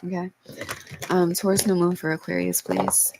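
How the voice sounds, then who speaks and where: Speaking straight to her viewers in a casual tarot reading vlog, a woman is heartfelt and swears freely, her voice cracking now and then as she holds back tears. Her very low voice carries heavy gravelly fry and stays monotone at a normal speed, with background noise present.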